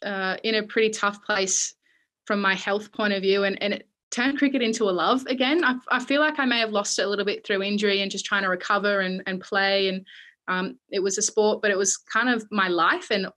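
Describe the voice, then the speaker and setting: Young Australian woman, twenties, guest interview; bright, forward tone, hesitant, lots of ums and restarts. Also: mid-range voice, fairly even intonation, rough recording. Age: 20s. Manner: halting, many fillers and restarts. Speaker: guest athlete. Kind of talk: interview, personal recollection.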